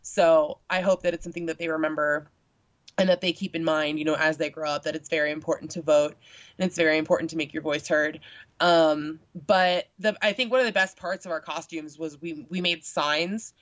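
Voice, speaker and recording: Young woman, casual chatty guest, lowish voice, lo-fi dry sound. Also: brisk, dry recording. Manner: chatty, lots of filler words, animated when quoting. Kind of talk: casual chat. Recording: dull lo-fi sound.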